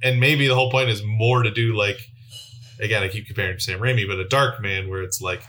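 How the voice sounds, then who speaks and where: A man's voice: on the low side, steady tone, fairly quick, pushed and bright, a little hiss or hum. A man reviewing films on a podcast, thinking aloud in a musing way with many fillers. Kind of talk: casual chat.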